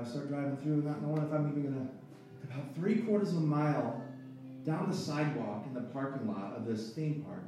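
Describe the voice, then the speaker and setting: A man in his thirties, a pastor, telling a personal story in a sermon with earnest emotion and halting restarts. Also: mid-range voice, mellow. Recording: echoey hall, voice far from the mic, faint music.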